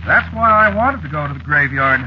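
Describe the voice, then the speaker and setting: An actor playing a calm, doomed male stranger who talks about his own death as if amused, in 1940s radio drama style. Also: fairly high pitch, a little fast, lightly acted. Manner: calm, unbothered, faintly amused. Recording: dull old radio recording with faint hiss.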